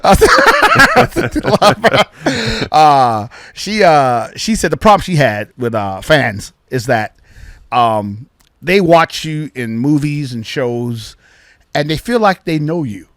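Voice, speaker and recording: A man's voice: mid-range voice, expressive, takes it slowly, no room sound, studio quality. An older man from the American South with a Southern accent, chatting casually as a podcast host and laughing often. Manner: laughs often, puts on voices for stories. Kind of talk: casual chat.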